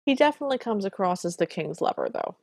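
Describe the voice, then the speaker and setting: A woman's voice: mid-range voice, very animated, fast talker, gravelly, darkish tone, no room sound, studio quality. A woman co-hosting a podcast, casually recapping a film with enthusiastic, playful commentary and fan theories. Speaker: podcast co-host.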